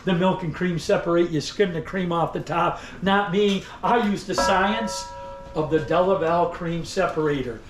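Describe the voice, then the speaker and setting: A man's voice: sits high, normal speed. A man giving a museum tour as a theatrical old-time salesman, teasing and addressing his visitors directly. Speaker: costumed museum tour guide. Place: indoor store museum among visitors. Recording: echoey room, faint background noise.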